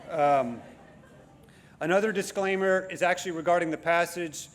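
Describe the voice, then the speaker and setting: A man's voice: sits high, moderate pace. A man preaching a sermon to a congregation in a conversational, self-deprecating way, with frequent restarts and fillers. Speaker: guest preacher.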